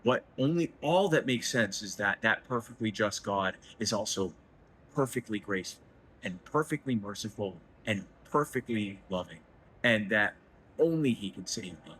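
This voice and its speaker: A man talking emotionally about his faith in a festival interview, rambling and self-deprecating, his voice leaping higher when he gets excited. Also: moderate pace, slightly rough, poor audio. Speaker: guest, head of a liberty organization. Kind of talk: emotional faith-filled conversation. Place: festival booth, indoors.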